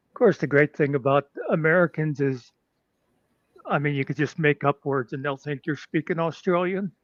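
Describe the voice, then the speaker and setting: A man's voice: fairly high pitch, normal speed, no echo. A man co-hosting a casual chat, rambling with fillers and chuckling often. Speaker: podcast co-host. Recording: slightly muffled dry audio.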